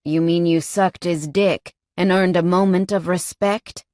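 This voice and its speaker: A woman voicing a cocky, flirtatious male biker who teases with a slow drawl. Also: lowish voice, steady tone, darkish tone, dry recording, clean studio sound, natural voice. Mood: gruff. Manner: teasing drawl, calls her sugar.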